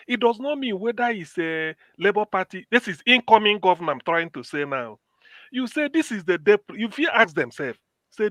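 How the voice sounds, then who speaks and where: A man's voice: sits high, a bit bright, dry recording. A man with a Nigerian accent on a live-stream panel, repeating words to get the floor. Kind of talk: heated live-stream debate.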